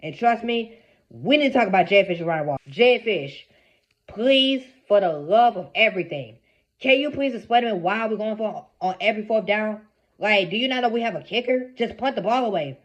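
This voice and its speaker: Exasperated young man ranting, high voice. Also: a bit bright, dull audio. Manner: exasperated, repetitive ranting with slang. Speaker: sports fan commentator. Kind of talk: fan rant video.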